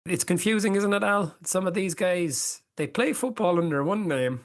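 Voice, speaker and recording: A man's voice: high voice, normal speed. A middle-aged man co-hosting a casual chat, laid-back with dry quips. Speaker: podcast co-host.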